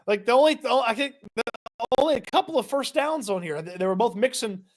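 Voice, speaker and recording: A man co-hosting a sports podcast, recapping a football game play by play in a casual, quick, laughing manner. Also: extremely high pitch, lively intonation. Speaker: podcast co-host.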